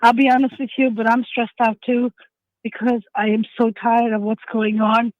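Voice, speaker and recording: A woman's voice: on the high side, level tone, normal speed, no room sound, phone-quality sound. A woman in her sixties calling in to a talk show, emotional and tearful as she speaks. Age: 60s. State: crying. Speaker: caller. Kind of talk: call-in radio chat.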